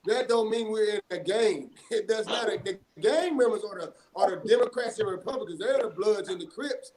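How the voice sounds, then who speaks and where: A man's voice: high-pitched, normal speed, a little mellow. A man giving an impassioned, rally-style speech as an activist guest. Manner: rising, rally-style delivery. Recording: roomy sound with crowd noise.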